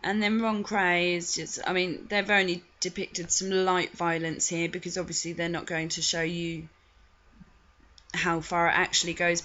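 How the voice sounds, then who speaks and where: A woman's voice: on the low side, a bit bright, a little hiss or hum. A woman giving frank, chatty commentary on film clips, with disgusted asides. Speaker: video commentator. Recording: dull lo-fi recording.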